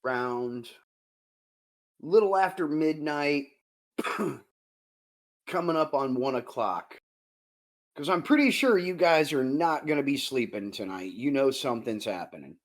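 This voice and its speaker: A man narrating as game master of a tabletop game, descriptive and unhurried, with frequent fillers. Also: medium pitch, lively intonation, low-quality recording.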